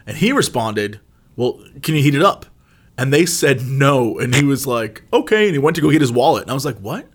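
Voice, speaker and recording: A man in casual chat, telling a funny family story and jumping up high when quoting himself. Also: animated, fairly quick, husky.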